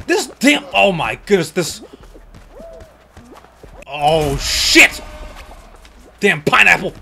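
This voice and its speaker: A young man commentating his own gameplay, excitable, cursing and often yelling at the game. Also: high voice, slow pace, vocal fry, pauses often. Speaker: gaming YouTuber. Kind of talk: excited let's-play commentary.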